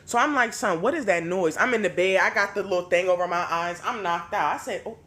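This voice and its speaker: A woman hosting a podcast, telling stories in a casual, profane, animated way. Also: lowish voice, brisk. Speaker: podcast host.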